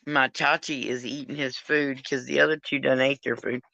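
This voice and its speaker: A woman's voice: very deep voice, fairly even intonation, moderate pace, gravelly, sharp tone, no room sound, dull audio. A drunk woman hosting a casual live chat, rambling, affectionate and crude as she calls on her friends. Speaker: live stream host.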